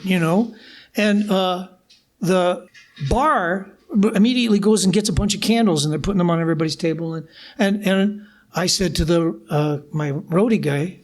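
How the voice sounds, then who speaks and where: An older male musician telling animated anecdotes live in front of an audience at a bar, laughing often as he talks. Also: sits high, moderate pace. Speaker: musician guest. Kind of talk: live on-stage storytelling.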